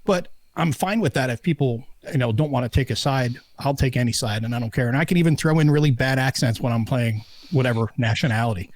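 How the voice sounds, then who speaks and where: A man's voice: mid-range voice, fast talker, hardly any pauses, a little mellow, no echo. Rambling opinionated man in casual chat. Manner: rambling, opinionated, with many restarts. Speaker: podcast co-host.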